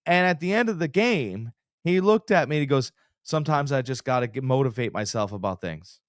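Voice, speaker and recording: Speaking fairly quickly in a clear, resonant mid-range voice, this sports podcast co-host spins animated stories and performs the quotes himself. The studio sound is clean with no echo.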